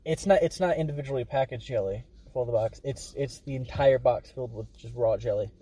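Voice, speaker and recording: A man's voice: medium pitch, a little fast, warm tone, breathy edge. A man co-hosting a podcast, chatting casually and laughing along. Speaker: podcast co-host. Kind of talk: casual chat.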